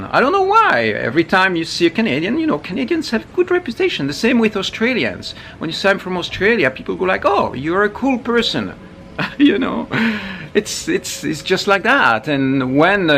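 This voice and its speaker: A man talking casually to camera as a spiritual teacher, animated, with frequent asides and restarts. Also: a little high, slight background noise.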